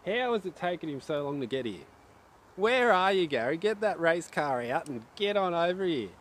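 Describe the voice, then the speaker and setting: A man with a slightly raised pitch talks casually and jokes as he hosts a live stream. He reads viewer messages aloud while he shoots arrows outdoors, with faint wind in the background. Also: big pitch swings, normal speed, fairly bright tone. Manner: chatty and joking, reads viewer chat aloud. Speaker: archery livestream host. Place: outdoors at an archery range in wind. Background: wind noise.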